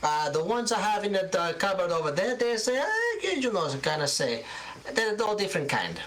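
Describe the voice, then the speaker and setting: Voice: mid-range voice, very animated, normal speed, a bit bright, voice pushed up. A game master voicing an elderly Italian woman tailor who runs a fabric shop, talking in broken English and ending questions with "huh?". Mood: chatty.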